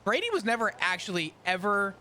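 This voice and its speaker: A man's voice: sits high, very animated, fairly quick, bright, forceful tone, a little hiss or hum. A man in casual roleplay chat, rambling through long explanations and laughing often. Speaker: roleplay character in a court case.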